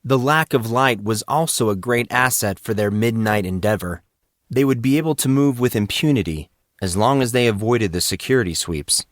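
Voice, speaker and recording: A man narrating an audiobook in a steady, measured reading voice. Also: mid-range voice, dry recording, clean studio sound.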